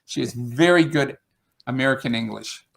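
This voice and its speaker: In a casual conversation over a video call, a man describes teaching English, his talk wandering with fillers and restarts. He has an upstate New York accent and speaks at medium pitch and moderate pace, with vocal fry.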